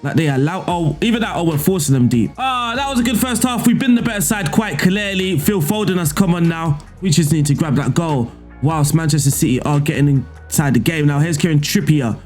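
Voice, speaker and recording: Man, gameplay commentator, higher-pitched, excitable, faint music bed. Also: fairly quick, hardly any pauses. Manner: excitable, shouts at misses, swears mildly. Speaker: video game streamer. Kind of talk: gameplay commentary and tactics breakdown.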